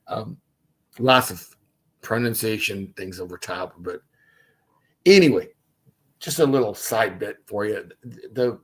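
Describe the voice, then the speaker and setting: A man's voice: lowish voice, fairly bright tone, husky. A man hosting a casual livestream Bible study, reading scripture aloud and stopping for chatty asides.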